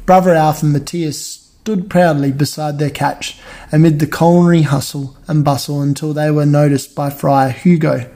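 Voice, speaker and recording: A man reads a children's storybook aloud at a steady, measured pace and trips over the odd word. His voice sits somewhat high for a man, yet the tone is dark and mellow. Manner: steady, measured, with occasional stumbles. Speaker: reader. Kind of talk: reading a children's novel aloud.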